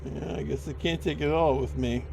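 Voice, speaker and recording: A man's voice: on the high side, moderate pace, gravelly, noisy background. A man streaming a point-and-click game, reading its lines aloud in a playful way. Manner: playful, voices each character. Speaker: let's play streamer. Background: game music.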